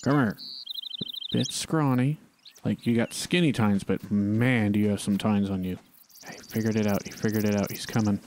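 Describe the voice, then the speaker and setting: A man's voice: fairly low pitch, fairly even intonation, normal speed, noisy background. A man giving casual gameplay commentary, talking and pleading with the animals on screen. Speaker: gaming channel host.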